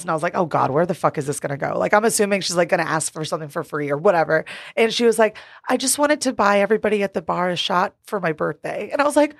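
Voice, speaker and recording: An animated young woman trades bar stories on a casual podcast, laughing often and swearing freely. Her voice sits at a middle pitch. The sound is close and dry, with no room. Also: dry recording. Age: young adult. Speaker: podcast co-host; bartender. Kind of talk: casual chat.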